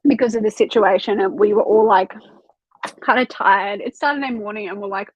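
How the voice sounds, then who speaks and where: A woman's voice: mid-range voice, fairly quick, lo-fi sound, slight background noise. A young woman hosting a casual reading livestream from home, chatting loosely, swearing freely and reading out chat comments. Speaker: livestream host of a reading sprint.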